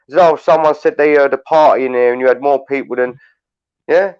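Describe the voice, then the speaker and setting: A London man rants bluntly, swearing freely and telling his stories at a steady clip. The sound is dry and close, with a slightly dull, muffled edge from the livestream audio. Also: mid-range voice, brisk, dry recording. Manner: blunt, sweary, storytelling rant. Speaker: livestream panel host. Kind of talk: heated casual chat.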